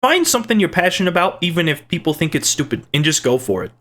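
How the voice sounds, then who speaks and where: Guy reading his viewers' comments, kinda high voice, rambly and jokey. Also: very animated, quick pace, fairly bright tone. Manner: rambling and playful, with restarts and side jokes. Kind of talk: casual chat.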